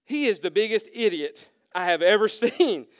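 A man's voice: high voice, expressive, normal speed. A man playing an exasperated God.

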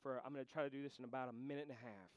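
A man preaching a sermon to a congregation, swinging from quiet, intimate talk to impassioned shouting. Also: mid-range voice, fairly even intonation, rapid-fire, no room sound. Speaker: pastor.

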